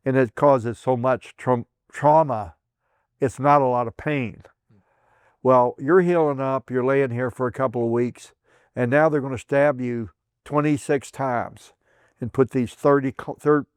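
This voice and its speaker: A man's voice: normal speed, no room sound, studio quality. Older man from southern Indiana recalling memories. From southern Indiana, USA. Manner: rambling, with frequent restarts and chuckles; acts out quoted voices with raised pitch. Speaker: veteran interviewee. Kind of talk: oral history storytelling.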